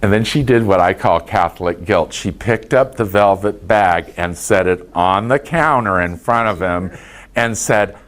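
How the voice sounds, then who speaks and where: A man's voice: low-pitched, measured pace. A man giving a folksy, anecdote-filled motivational talk to a group of caregivers. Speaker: speaker to caregivers.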